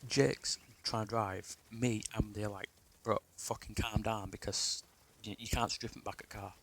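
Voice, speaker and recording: A man's voice: fairly low pitch, fairly even intonation, moderate pace, creaky, a bit bright, slight background noise, poor audio. A young man, telling a rambling, sweary personal story in a casual way. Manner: rambling, sweary, restarts a lot.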